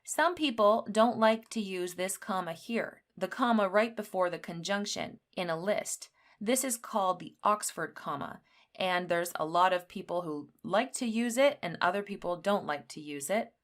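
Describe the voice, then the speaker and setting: A woman teaching an English grammar lesson. She explains rules clearly and acts out the example sentences. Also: mid-range voice. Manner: slow, clearly spelled-out teaching.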